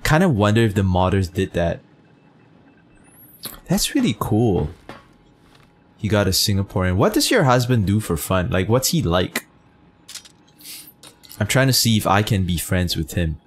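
Man, game streamer, low voice, casual chat commentary, filler-heavy, profane, teasing. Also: very animated, measured pace, long pauses, a little hiss or hum. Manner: chatty, filler-heavy, swears a lot, teasing.

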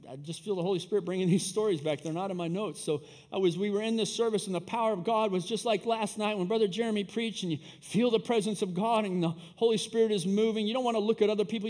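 A man preaching a sermon, telling stories in an easygoing way and building up to loud, fervent preaching. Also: high voice, fast talker. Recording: long hall reverb.

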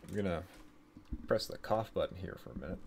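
A man's voice: low-pitched, lively intonation, brisk, gravelly, a little hiss or hum. A man streaming a game, reading its story text aloud, stumbling over words and correcting himself with casual asides.

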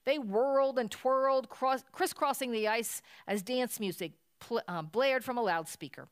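A woman reading a children's Christmas story aloud at a church service, telling it with lively expression. Her voice sits fairly high and sounds smooth and clear. The recording is close and dry. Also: moderate pace, no room sound.

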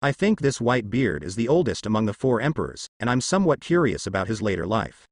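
A man reading the lines of a proud, earnest older patriarch in an audio story, with lively pitch. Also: quick pace, no room sound, studio quality.

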